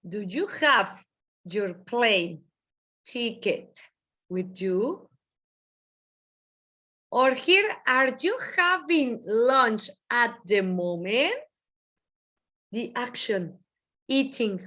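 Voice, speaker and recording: High-voiced bright woman teaching grammar. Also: lively intonation, extremely slow, pauses often. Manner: repetitive, explanatory, slips between English and Spanish. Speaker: English teacher. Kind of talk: online grammar lesson. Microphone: video call.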